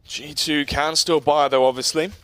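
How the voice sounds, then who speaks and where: A man casting an esports match as play-by-play commentator, quick and joking. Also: a little high, flat delivery, fairly bright tone, no echo. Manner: quick, joking, laughs often. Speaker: esports caster.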